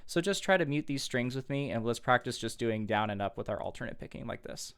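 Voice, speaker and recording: A man's voice: medium pitch, lively intonation, a little fast. A man teaching a guitar riff step by step, patiently explaining and counting along. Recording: guitar music over the voice. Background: guitar playing.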